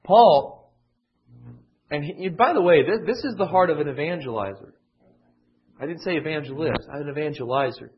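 A man teaching a conversational Bible lesson, digressive and emphatic, often restarting his sentences. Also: on the high side. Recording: dull lo-fi classroom recording.

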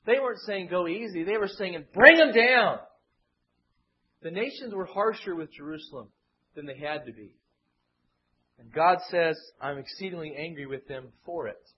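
A man's voice: a little high, normal speed, breathy edge. A man preaching an expository Bible sermon who acts out the voices he quotes with dramatic swings. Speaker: pastor. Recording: muffled lo-fi sermon recording.

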